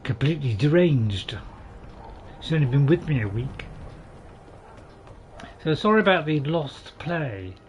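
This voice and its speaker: A man's voice: fairly high pitch, sing-song, measured pace, pauses often, a little mellow, highs cut off, a little hiss or hum. A man hosting a gaming channel, giving chatty, self-deprecating commentary with dry jokes and a lot of hesitation. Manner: hesitant, with many fillers and restarts. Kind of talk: gameplay commentary.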